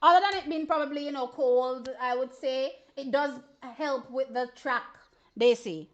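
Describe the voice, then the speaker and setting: Excitable Jamaican woman reacting to races. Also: high-pitched, normal speed, lo-fi sound. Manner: excitable, laughing, exclamatory, with chatty asides to viewers. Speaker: track and field stream host. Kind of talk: animated live reaction commentary.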